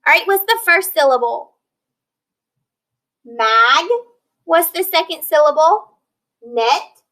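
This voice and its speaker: A woman teaches phonics in a recorded lesson, breaking words into syllables and sounding them out slowly for her students. Her voice sits high and sounds bright. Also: lively intonation, rough recording. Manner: slow, clear modeling of word sounds with praise and prompts.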